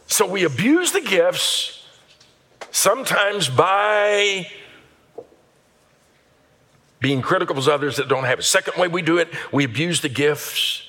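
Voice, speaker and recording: A middle-aged man preaching a sermon as a pastor, animated and acting out the voices of the people in his examples. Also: medium pitch, breathy edge.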